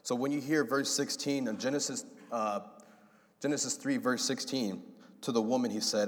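A man preaching a sermon, animated and acting out the voices in his story. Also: lowish voice, a little fast. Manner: animated, acts out voices of God and Adam. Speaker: pastor. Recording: long hall reverb.

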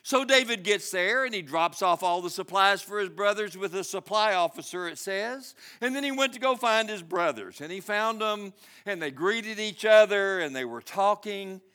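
A man preaching a sermon, telling a story dramatically and swinging between loud and hushed delivery. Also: high voice, lively intonation, normal speed, hardly any pauses, clear, resonant tone. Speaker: pastor.

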